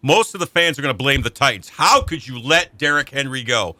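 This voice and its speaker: A man co-hosting a sports radio show, telling stories in an animated way and acting out the voices in them. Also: medium pitch, fairly quick, no echo. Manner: animated storyteller, acts out shouting voices in anecdotes. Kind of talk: casual sports talk storytelling.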